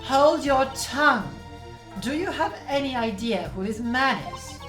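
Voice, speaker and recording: A brash, blundering young prosecutor who barks every line, as a woman plays him. His voice leaps around, slightly high. It sounds echoey, with music underneath. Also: expressive, measured pace. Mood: blustering. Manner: loud, blustering. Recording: echoey room with music behind.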